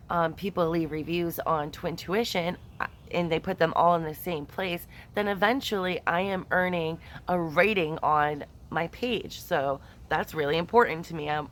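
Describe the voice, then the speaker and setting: Low-voiced chatty woman tarot reader. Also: a little hiss or hum. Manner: chatty and expressive, many fillers. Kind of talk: casual chat to camera.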